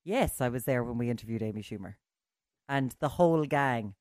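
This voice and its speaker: A woman, a radio co-host chatting casually, lively, teasing and self-mocking. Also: a bass voice, a little fast, dry recording, clean studio sound. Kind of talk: casual chat.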